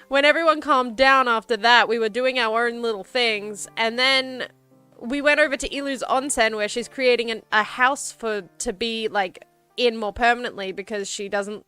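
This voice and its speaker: A young woman chats to her stream in a rambling, giggly way, full of fillers. Her voice sits a touch high and comes through smooth and clear. Soft music plays quietly behind her. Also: no echo. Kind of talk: casual chat. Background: faint background music.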